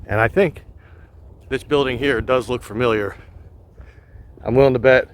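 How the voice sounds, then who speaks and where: A man with a mid-range voice talks his way along wooded trails, relaxed and thinking aloud with little pauses. He records outdoors on a phone held on a gimbal. A faint outdoor noise sits under his voice. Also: medium pitch. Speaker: vlogger exploring a park. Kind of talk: casual walking narration.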